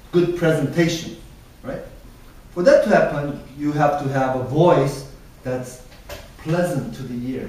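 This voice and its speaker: Professor lecturing in an echoey classroom. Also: male voice, fairly high pitch, darkish tone. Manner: conversational, keeps checking in with "right?". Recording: very echoey classroom, mic far off, faint hiss.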